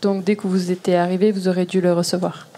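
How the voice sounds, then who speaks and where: Quick flat-voiced woman interpreter. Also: on the low side, slight background noise. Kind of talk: live interpreting.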